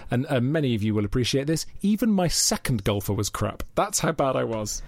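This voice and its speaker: A man's voice: mid-range voice, big pitch swings, brisk. A man co-hosting a podcast, telling self-deprecating stories in a rambling, casual way. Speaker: podcast co-host. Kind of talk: casual chat.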